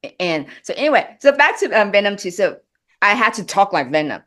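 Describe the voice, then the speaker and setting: A woman's voice: mid-range voice, sing-song, pushed and bright. A middle-aged actress talks as an interview guest. She speaks with heartfelt emotion, stops often and restarts her sentences. Her voice is mid-range. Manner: emotional, halting, many restarts. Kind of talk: interview chat.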